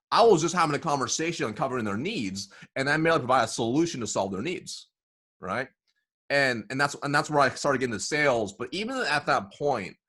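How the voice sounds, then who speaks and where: A man being interviewed as a sales consultant, telling stories in a lively way, often saying "right?" and acting out bits of dialogue. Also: medium pitch, husky. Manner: animated, says "right?" often, acts out dialogue. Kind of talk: casual interview storytelling.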